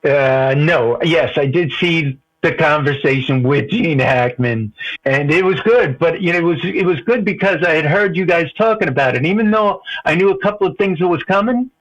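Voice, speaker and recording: A man calling in to a movie podcast, rambling and halting, laughing at his own stories. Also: on the high side, fairly bright tone, muffled recording, faint music behind. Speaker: caller. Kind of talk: casual phone-in chat.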